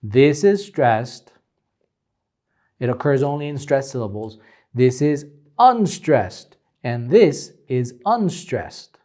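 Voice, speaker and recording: A young man teaching phonetics, explaining symbols slowly with frequent ums while pointing at examples. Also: mid-range voice, animated, mellow. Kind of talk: phonetics lecture at a board.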